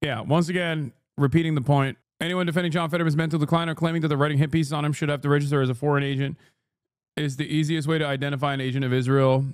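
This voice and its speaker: A man streaming political commentary, ranting in profane, exasperated, fast bursts with frequent fillers. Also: fairly high pitch, steady tone, clean tone, no room sound, studio quality. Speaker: streamer reacting to clips.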